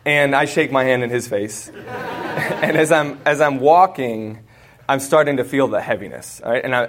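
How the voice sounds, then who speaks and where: An American man in his thirties, speaking live to students and telling a story in a humorous, conversational way. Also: mid-range voice. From United States. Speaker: conference speaker.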